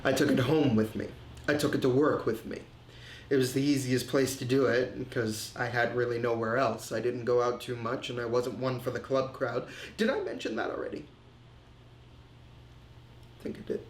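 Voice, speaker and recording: A man's voice: mid-range voice, a little hiss or hum, lightly acted. Arthur, a man playing a remorseful drinker. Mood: reflective. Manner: slow, halting, reflective storytelling. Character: remorseful man confessing his drinking and insecurity. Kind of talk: confessional film monologue. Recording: roomy echo.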